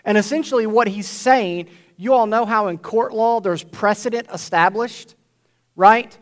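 A man's voice: sits high, a little slow. A male pastor preaching a sermon to his congregation in a conversational way, often checking in with "right?". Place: church before a congregation.

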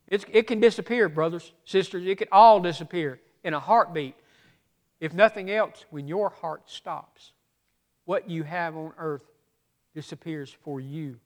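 A man preaching a sermon as pastor, swinging from loud emphatic preaching to hushed asides. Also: fairly high pitch, unhurried.

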